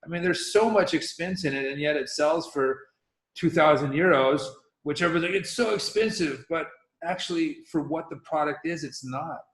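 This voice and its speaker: A middle-aged man from Hawaii speaks as an interview guest in a slightly high voice, talking loosely and circling back on himself with restarts. His voice carries room echo. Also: normal speed, fairly bright tone. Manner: rambling, loose, with many restarts. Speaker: guest, professional windsurfer. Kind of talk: casual interview talk.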